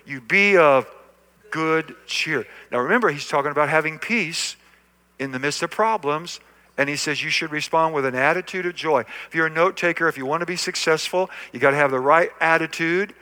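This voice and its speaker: A man's voice: on the high side, pushed and bright. An older man preaching a sermon as pastor in a church, emphatic and repetitive, calling out to the congregation. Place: church sanctuary.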